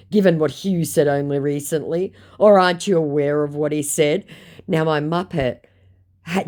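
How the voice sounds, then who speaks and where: A woman's voice: low voice, dark tone. An Australian woman reading out her chats with scammers in a sarcastic, casual narration. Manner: sarcastic, reads both sides of chats aloud.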